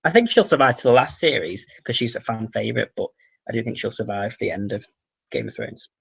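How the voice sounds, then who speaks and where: Merseyside guy rattling thru a livestream q&a, reads chat out loud n answers, bit of a gravelly rasp. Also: on the low side, sing-song, a little fast. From the Wirral, England. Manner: chatty, reads out viewer comments and answers them, swears casually. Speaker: livestream host. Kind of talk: casual livestream Q&A, reading chat aloud.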